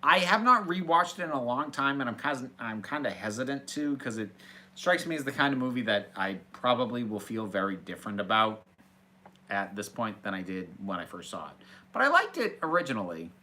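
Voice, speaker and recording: Bright-voiced man answering viewer questions. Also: mid-range voice, expressive, brisk. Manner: chatty and hesitant, restarts phrases. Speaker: host. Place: small office room.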